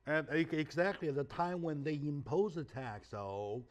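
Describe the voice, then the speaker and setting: A man's voice: fairly high pitch, expressive, normal speed. A man whose first language is Chinese hosting a talk show, emphatic and fond of rhetorical questions with a tag "right?". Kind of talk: animated interview talk.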